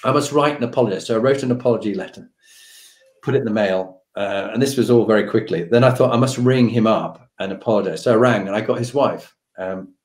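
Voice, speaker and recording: A middle-aged man, a podcast host being interviewed, telling an anecdote with animated delivery. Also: fairly low pitch, fast. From United Kingdom. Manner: animated, acts out the voices of the people in his stories. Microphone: video call. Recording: roomy echoey room.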